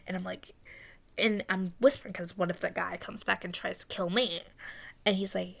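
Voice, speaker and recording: Young woman with a gravelly fry. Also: mid-range voice, steady tone, a bit bright. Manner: rambling, halting, full of fillers, dips into whispers. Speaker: vlogger recounting a dream. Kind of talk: casual storytelling.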